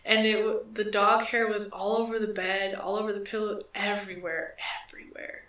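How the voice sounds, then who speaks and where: A woman's voice: mid-range voice, flat delivery, moderate pace, a bit bright. A young woman co-hosting a podcast, rambling through a profane story with lots of "like". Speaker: podcast co-host. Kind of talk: casual storytelling. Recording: echoey room, far from the mic.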